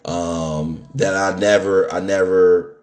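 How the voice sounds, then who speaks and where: A man hosting a podcast, telling a story in a casual, animated, slangy way and laughing often. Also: low-pitched, slow. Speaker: podcast host.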